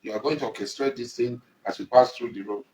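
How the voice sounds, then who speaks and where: A man's voice: medium pitch, quick pace, reverberant, background noise. A man with a Nigerian accent giving an angry, accusing public statement, confronting someone directly and repeating his points. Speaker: militant leader addressing rivals.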